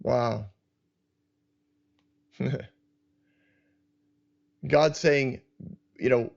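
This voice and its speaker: A man's voice: medium pitch, unhurried. A man hosting a podcast, reflecting earnestly on a scripture passage and often restarting his sentences as he thinks aloud. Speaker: podcast host teaching scripture. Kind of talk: reflective teaching talk. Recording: dull lo-fi sound.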